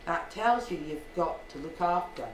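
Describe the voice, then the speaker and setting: A woman's voice: fairly low pitch, animated, unhurried, far from the mic, a little hiss or hum. A Scottish woman storyteller telling a folk tale live, playful, with asides, in an echoey storytelling hall.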